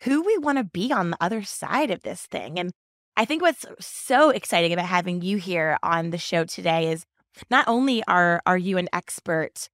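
A woman's voice: lowish voice, lively intonation, moderate pace, fairly bright tone, no echo, studio quality. Upbeat woman podcast host. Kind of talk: casual interview chat.

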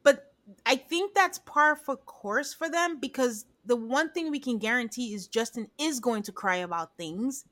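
A married woman co-hosting a podcast, chatting casually and retelling scenes with lively quoted voices. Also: a little high. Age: adult. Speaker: podcast co-host. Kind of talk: casual recap chat.

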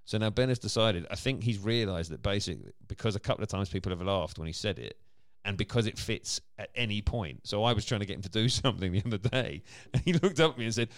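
A quick-talking man with a low voice that swings lively up and down as he chats with his podcast co-host. He laughs easily and keeps things animated. The sound is dry and close. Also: no echo. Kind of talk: casual chat.

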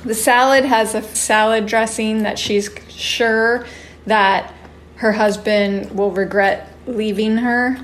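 A woman's voice: fairly high pitch, fairly even intonation, slow pace, slight background noise. A woman co-hosting a podcast, chatting casually and explaining with light humor. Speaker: podcast co-host.

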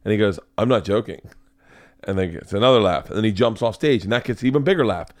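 A man's voice: lowish voice, quick pace, darkish tone, dry recording, studio quality. A man hosting a podcast, telling a rambling story in casual chat, swearing and laughing often. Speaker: podcast host and comedian.

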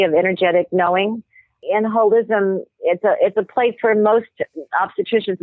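A woman's voice: mid-range voice, no echo. Earnest woman on a tinny line. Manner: earnest, explaining at length with occasional ums. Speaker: medical anthropologist guest. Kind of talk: explanatory interview talk. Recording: tinny phone-like line, dry.

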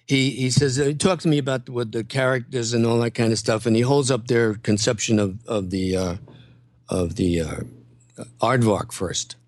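An older man, a comedian guest, telling show-business stories in a relaxed interview, with lots of restarts and laughter. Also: medium pitch, moderate pace, dry recording. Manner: animated storyteller, full of restarts and laughter. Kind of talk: casual interview storytelling.

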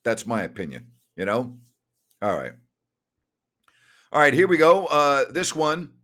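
A man's voice: medium pitch, big pitch swings, unhurried, fairly bright tone. Emphatic older man hosting sports talk. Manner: emphatic, rhetorical questions, ranting. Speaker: sports radio host. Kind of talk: solo sports talk, reading listener questions.

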